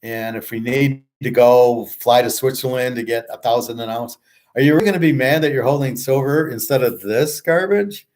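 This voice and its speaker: A man's voice: medium pitch, normal speed, darkish tone. A man hosting a show, ranting casually and bluntly with lots of swearing, rambling and restarting his sentences. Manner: blunt, profane, ranting and scoffing. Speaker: show host and handicapper. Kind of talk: casual monologue.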